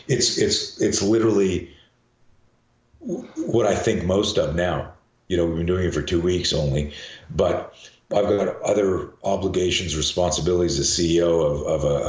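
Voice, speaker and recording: A man's voice: low voice, echoey room. An older man, a self-defense coach, talking in a casual interview, chatty and restarting words as he thinks. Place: garage.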